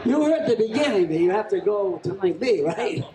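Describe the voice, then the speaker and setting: Auctioneer, male, high-pitched, quick joking bid-caller, crowd noise around him. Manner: joking, rapid bid-calling chant. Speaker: charity auctioneer. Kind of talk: live charity auction calling. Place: event hall at a charity gala. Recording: echoey hall with crowd. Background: crowd laughing and chatting.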